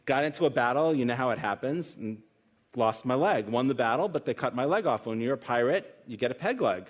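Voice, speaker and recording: Man doing an old pirate, tall tales, matter-of-fact, no pirate accent, a bit higher than his usual voice. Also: animated, fairly quick, close to an everyday voice. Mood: deadpan. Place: conference stage with live audience.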